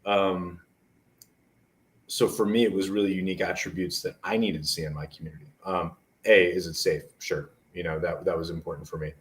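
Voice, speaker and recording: Man in his forties, very low voice, rambling earnest storyteller, mic set far away. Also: steady tone, brisk. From New Jersey, USA. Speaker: guest, motivational speaker. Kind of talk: casual interview talk. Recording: voice distant from the mic.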